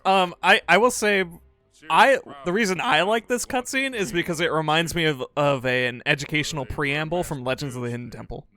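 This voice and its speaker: A man's voice: fairly high pitch, fairly quick, pushed and bright, faint music behind. A man streaming a video game for charity, joking and laughing often in casual commentary.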